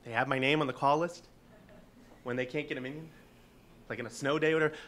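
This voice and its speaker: A man in his forties telling a funny personal story, animated and profane, often laughing. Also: mid-range voice, fast talker. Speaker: guest storyteller.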